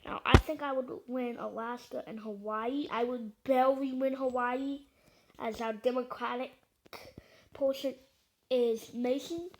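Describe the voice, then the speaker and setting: Slow, rambling woman with higher voice. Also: fairly even intonation, low-quality recording. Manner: rambling and hesitant, many fillers; joking, self-deprecating asides. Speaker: video creator. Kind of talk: casual commentary on an election map.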